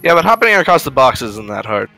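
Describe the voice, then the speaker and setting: Bright sharp-sounding guy reacting to the race, jokey and sarcastic. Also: mid-range voice, sing-song, fast, creaky, faint music behind, low-quality recording. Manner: reactive, joking, sarcastic asides. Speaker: co-commentator. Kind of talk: live speedrun commentary.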